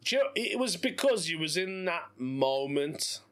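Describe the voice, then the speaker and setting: A man's voice: fairly high pitch, very animated, normal speed, a bit bright. A British man in his thirties hosting a casual solo podcast, laughing often and talking in a playful, giggly way. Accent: British English. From Britain. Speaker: podcast host. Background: faint background music.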